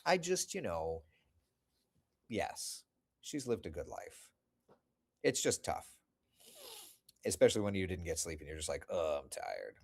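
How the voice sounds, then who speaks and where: A man's voice: low-pitched, big pitch swings, measured pace, creaky, pauses often, darkish tone, breathy edge. A middle-aged man hosting a casual livestream, reading viewer comments aloud and answering them with a chatty, self-deprecating manner, his voice still recovering after losing it. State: recovering from lost voice. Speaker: host reading live chat comments.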